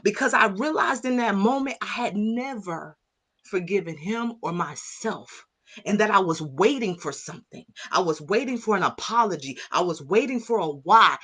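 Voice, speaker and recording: A woman's voice: medium pitch, fairly bright tone, breathy edge. A middle-aged woman, a mindset coach, speaking with impassioned, preacher-like fervor and calling out to her listeners. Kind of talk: motivational talk to viewers.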